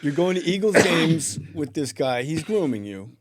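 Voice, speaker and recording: A man's voice: fairly high pitch, very animated, dry recording. A middle-aged man hosting a podcast, joking and teasing his guest. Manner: joking, quick teasing asides. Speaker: podcast host. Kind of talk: casual comedic interview.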